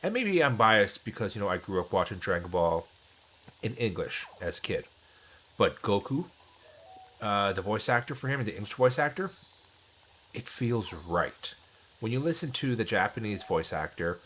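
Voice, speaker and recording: A man's voice: on the low side, fairly bright tone, a little hiss or hum, low-quality recording. A man streaming a game and chatting casually with viewers, rambling with many restarts. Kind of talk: casual chat while gaming.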